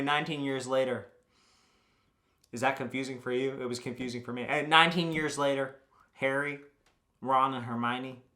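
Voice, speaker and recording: A man's voice: mid-range voice, bright, forceful tone. A young man, a YouTuber, giving a rambling, joking recap that is full of swearing.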